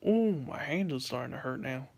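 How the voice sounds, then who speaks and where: A man's voice: medium pitch, lively intonation, fairly quick, creaky, lo-fi sound. A young man in his late teens from the United States, chatting casually on a phone livestream, rambling and repeating himself as he answers chat. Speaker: YouTuber livestreaming. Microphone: handheld phone.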